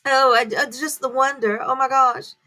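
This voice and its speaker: A woman's voice: high voice, steady tone, normal speed, bright, forceful tone, no room sound, voice pushed up. A woman mockingly playing a fawning tabloid TV presenter who coos breathlessly over trivial details. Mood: gushing.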